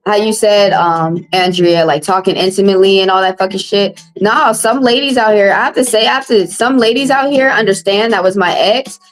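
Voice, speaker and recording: Her mid-range voice comes through a low-quality recording. She reads tarot while live-streaming and talks directly to her chat, with a blunt, casual, and profane manner.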